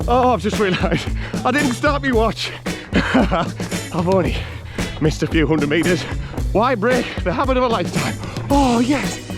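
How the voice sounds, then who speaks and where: A man's voice: high voice, expressive, a little slow. Cheery geordie-ish runner guy puffing away, chatting to everyone on the trail, outdoors with music behind. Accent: North East English. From North East England. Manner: chatty, cheery, laughs often, greets runners. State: out of breath. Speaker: running vlogger. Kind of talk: casual vlog commentary while trail running. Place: outdoor hill and woodland trail.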